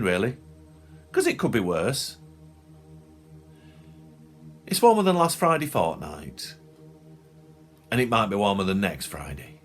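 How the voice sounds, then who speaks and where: A man's voice: mid-range voice, voice pushed up. A man voicing a bland middle-aged grocer who drones on cheerfully about the weather. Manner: cheerfully droning small talk.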